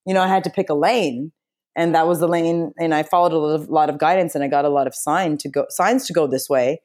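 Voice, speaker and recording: Low-voiced woman telling her story. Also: fast talker. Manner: chatty and expressive, frequent fillers and restarts. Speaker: interview guest. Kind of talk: casual storytelling in a conversation.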